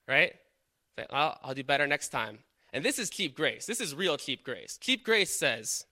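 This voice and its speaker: A man's voice: on the high side, lively intonation, measured pace, pushed and bright, dry recording, studio quality. A man preaching a sermon in an earnest, questioning way, often checking in with "right?".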